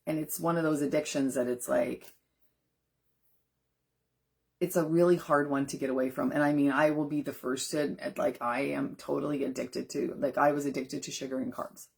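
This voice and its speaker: Low husky woman on a live stream, earnest, talks right to her viewers like a nutrition coach. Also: steady tone, moderate pace, darkish tone. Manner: earnest, talks straight to viewers, answers comments. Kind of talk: casual live-stream chat.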